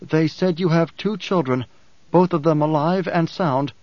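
A man's voice: on the high side, a little slow, no room sound, lightly acted. A man voicing a loyal male desert warrior who speaks plainly and respectfully. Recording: dull, dry audiobook sound.

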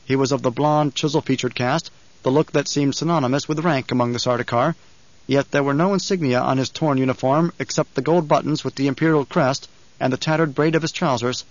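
A man narrating an audiobook in a steady, deliberate way. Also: medium pitch, no echo, lo-fi sound. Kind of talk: scripted narration.

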